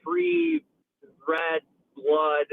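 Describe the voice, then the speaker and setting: A male caller phoning a radio show from the road, folksy, with a gravelly voice. His pitch swings widely as he talks. The sound comes through a thin, tinny phone line. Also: huge pitch swings, extremely slow. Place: on the road, driving.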